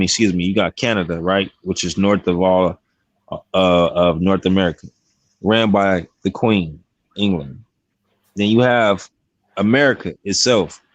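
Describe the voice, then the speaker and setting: Low-voiced blunt man, dry sound. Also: no room sound. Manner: brisk, blunt, swears, corrects himself. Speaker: speaker in an online discussion. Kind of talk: casual explanation.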